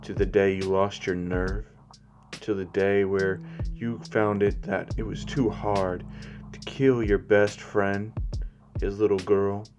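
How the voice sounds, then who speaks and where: A man voicing a calm, cold, self-righteous official who speaks quietly in a fan-made story. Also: fairly low pitch.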